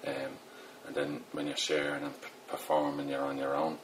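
Middle-aged Dublin poet, very low voice, casual and self-deprecating, noisy background. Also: male voice, monotone, normal speed. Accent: Dublin Irish. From Ireland. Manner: rambling, self-deprecating, many fillers. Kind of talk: casual interview talk.

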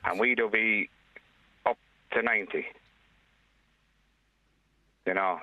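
An Irish man talks plainly and earnestly, often restarting his sentences. His voice sits a little low and comes through a narrow, phone-like line with no room sound at all. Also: slow pace, no echo. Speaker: caller, father. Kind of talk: radio phone-in conversation. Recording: dry tinny phone line.

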